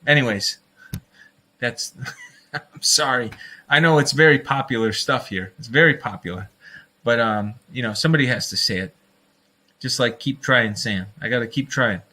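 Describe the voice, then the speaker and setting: A man's voice: medium pitch, normal speed, long pauses, sharp tone. A man hosting a casual livestream, talking in a rambling, fired-up way, often breaking into laughter and calling his listeners folks. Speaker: livestream host.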